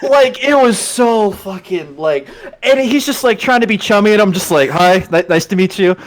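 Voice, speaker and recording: Young man, podcast host, casual storytelling, high voice, very lively pitch, acts out quotes, swears. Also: normal speed.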